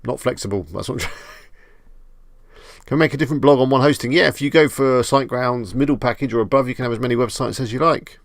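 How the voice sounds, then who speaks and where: Chatty man with a gravelly voice. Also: mid-range voice, fairly quick, no room sound, studio quality. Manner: chatty, reads viewer comments aloud and answers them; jokey, self-amused asides. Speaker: live stream host. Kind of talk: casual live stream chat.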